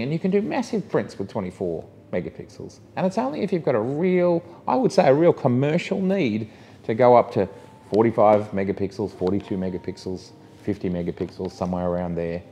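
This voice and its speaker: A man's voice: medium pitch, mellow. A man, a photographer talking through cameras in a casual review vlog, enthusiastic and full of rhetorical questions to his viewers.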